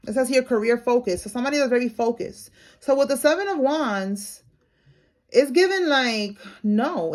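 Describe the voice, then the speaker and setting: A woman giving a casual tarot reading to her viewers, talking in a slangy, blunt way and calling them y'all. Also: a little high. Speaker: tarot reader.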